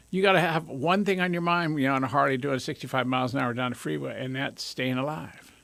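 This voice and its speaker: A man hosting a radio talk show in a studio, talking with high energy and joking at his own expense. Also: vocal fry, sharp tone, no echo. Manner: high-energy, jokey, self-amused. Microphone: studio microphone.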